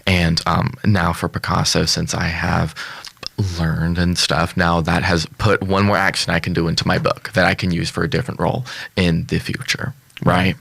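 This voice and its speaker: Young male guest, deep gravelly tone, dry close sound, chatty and upbeat, laughs a lot. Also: monotone, moderate pace, fairly bright tone, dry recording. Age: young adult. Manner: upbeat, laughs often, rambling with fillers. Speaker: guest actor. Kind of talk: casual interview chat. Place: local studio.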